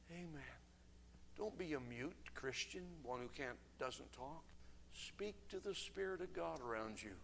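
Man, preacher, sermon, shouts then hushes, long hall reverb, faint noise. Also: on the high side, lively intonation, unhurried, creaky. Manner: swings from shouting to hushed, near-whispered urging.

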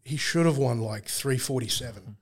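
A man talks sport in a relaxed podcast. He explains things in long runs, often restarts his sentences and slips in dry jokes. His voice sits at an ordinary middle pitch for a man. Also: normal speed. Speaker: guest analyst on team performance. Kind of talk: casual podcast chat.

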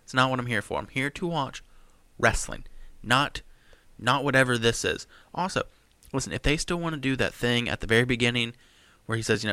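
A man's voice: mid-range voice, a little fast, pushed and bright, no room sound. A young man from the United States co-hosting a podcast, ranting sarcastically in casual chat. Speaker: podcast co-host.

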